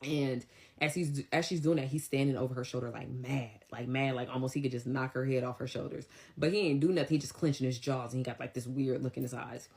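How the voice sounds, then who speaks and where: Young woman, low voice, casual storyteller, blunt and animated. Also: fast talker. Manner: animated, blunt, acts out dialogue.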